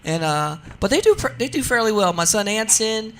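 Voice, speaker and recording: A man in his forties from New Jersey, a radio interview guest telling funny stories in a lively, laughing way. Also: high voice, normal speed. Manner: animated, laughing storyteller. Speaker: guest, drag racer. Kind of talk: casual radio interview storytelling.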